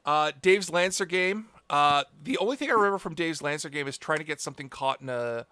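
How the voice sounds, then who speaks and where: A man's voice: on the high side, expressive, brisk, pushed and bright, clear, resonant tone, no room sound. A man chatting casually on a group livestream, laid-back and laughing often. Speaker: streamer, game master.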